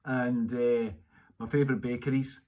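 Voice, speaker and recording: A man's voice: medium pitch, level tone, normal speed, warm tone. A middle-aged man with a Glaswegian accent, chatting casually as he answers fan questions at home, rambling with many fillers and restarts. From Scotland. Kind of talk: casual solo Q&A video. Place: home during lockdown.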